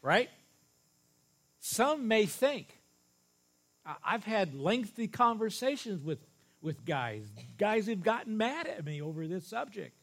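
Male preacher, sermon to a congregation, higher voice, slow and emphatic delivery. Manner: animated, leaning hard on single words for emphasis; speaks directly to the congregation with light laughs. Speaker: pastor. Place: church service before a congregation.

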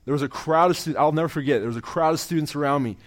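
A man's voice: a little high, rapid-fire. Earnest young man preaching a sermon. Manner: earnest, restarts phrases, trails off quietly at sentence ends. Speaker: campus minister and preacher. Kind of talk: testimony-style sermon.

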